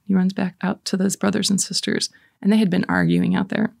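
Gravelly-voiced woman in her forties. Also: mid-range voice, level tone, brisk, a little mellow, dry recording, clean studio sound. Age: 40s. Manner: chatty, laughing storyteller. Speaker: host of a Catholic prayer talk. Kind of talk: casual faith talk with storytelling and prayer.

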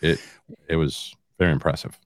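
A man's voice: rumbling low, fairly even intonation, normal speed, no room sound. A man co-hosting a casual podcast chat, dry and teasing. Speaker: podcast co-host.

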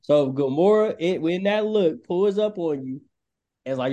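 Joking male co-host for a casual movie podcast, voice sits a bit high. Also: normal speed. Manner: joking, animated, laughs often. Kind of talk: casual chat.

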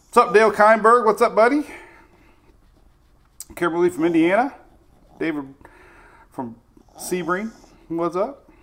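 A man's voice: sits high, unhurried, pauses often, a bit bright. A middle-aged man hosting a live weather stream, chatty and upbeat, greeting viewers by name. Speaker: weather show host.

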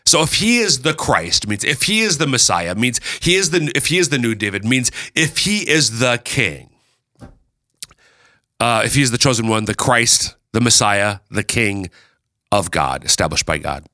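A man hosting a casual chat, explaining Bible readings with lively, playful asides. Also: mid-range voice, moderate pace, no echo, studio quality. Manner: lively, animated, breaks into playful character voices. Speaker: podcast host explaining scripture.

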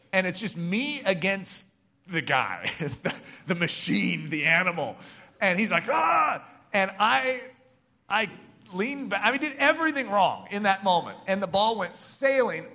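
A middle-aged man preaching a sermon, passionate and building to emphatic shouts. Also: a little high.

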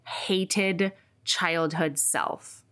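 A woman in casual book chat, retelling a story in an animated way with casual swearing. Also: lowish voice, extremely slow.

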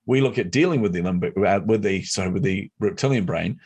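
A middle-aged man telling a personal story as an interview guest, animated and competitive. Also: low voice, a little fast, breathy edge. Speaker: guest, speaker and entrepreneur.

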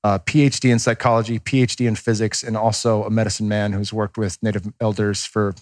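A man in his thirties talks in a casual podcast chat with a fairly low voice. He is candid and rambling, swears freely and acts out what people said. The sound is dry and close to the mic. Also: flat delivery, brisk, no room sound. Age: 30s. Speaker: podcast guest.

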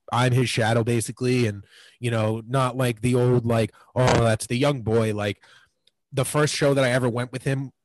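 A man's voice: mid-range voice, dry recording, poor audio. Rambling young man, dry sound. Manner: rambling, filler-heavy, lots of "like" and "you know". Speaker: podcast guest. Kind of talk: casual storytelling.

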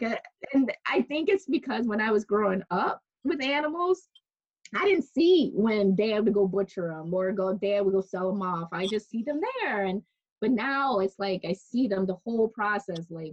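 Chatty woman, lo-fi recording. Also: mid-range voice. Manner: chatty, many restarts and "like", laughs often. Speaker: interviewee. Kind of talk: casual storytelling conversation. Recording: dull lo-fi recording.

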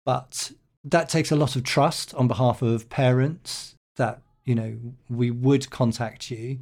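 A middle-aged man, a headteacher, answering podcast interview questions in a thoughtful, measured way with frequent ums and restarts. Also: medium pitch, steady tone, a little mellow.

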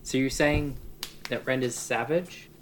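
A man's voice: mid-range voice, a little slow, slight background noise. A man co-hosting a podcast, rambling through a favorite line with lots of fillers. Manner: rambling, filler-heavy, quoting lines. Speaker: podcast co-host. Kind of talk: casual podcast chat.

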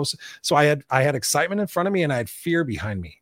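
A man's voice: a little high, very animated, very fast, a bit bright, dry recording, clean studio sound. A man hosting a motivational interview as a life coach, talking emphatically and punchily and swearing freely.

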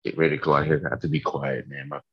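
A man's voice: a bass voice, flat delivery, racing, slightly rough, highs cut off. A tired man in a casual faith vlog, earnestly rambling about his morning prayer from his bedroom. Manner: earnest, rambling, laughs at himself.

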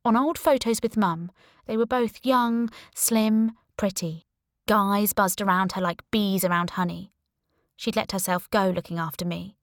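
A woman's voice: medium pitch, measured pace, no echo, studio quality. Woman narrating a thriller audiobook. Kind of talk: first-person audiobook narration.

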